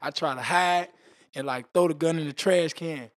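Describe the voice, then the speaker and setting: A man with a somewhat high-pitched voice spins a wild story as a podcast guest. His delivery is animated and rough-edged, heavy with profane slang. He punctuates the telling with spoken sound effects like "boom" and "vroom.". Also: normal speed. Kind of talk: casual storytelling interview.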